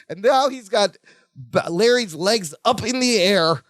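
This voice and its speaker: A man's voice: extremely high pitch, brisk, no room sound, clean studio sound. A man co-hosting a podcast, retelling a sitcom episode in casual chat and acting out the characters' lines. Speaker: podcast co-host.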